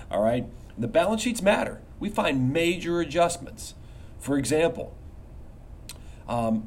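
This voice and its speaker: A man's voice: mid-range voice, a little mellow, slight background noise. A middle-aged man hosting a finance podcast in a casual, emphatic monologue full of rhetorical questions. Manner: emphatic, conversational, asks rhetorical "you know what?". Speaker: podcast host, investment research firm founder.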